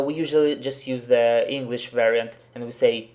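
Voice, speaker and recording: A man's voice: medium pitch, normal speed, a little mellow. Blunt, sarcastic man. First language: Russian. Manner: blunt, sarcastic, profane critique. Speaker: host, professional interpreter. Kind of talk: commentary video.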